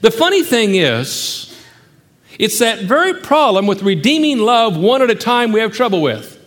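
Emphatic high-voiced male preacher. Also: big pitch swings, moderate pace, in a large hall. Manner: emphatic preaching, swinging from loud rhetorical questions to hushed, quiet stretches. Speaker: pastor. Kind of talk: sermon.

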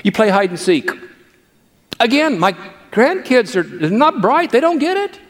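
A man's voice: extremely high pitch, very animated, unhurried, big-room sound. An older male pastor who gives a sermon through playful anecdotes about family life.

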